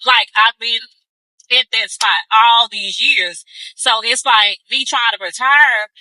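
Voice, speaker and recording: A woman's voice: a little high, slow pace, no echo, low-quality recording. A woman, chatting casually to her viewers in a vlog recorded in her car. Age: 50s. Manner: chatty, animated, calls viewers baby. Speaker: vlogger. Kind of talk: casual chat.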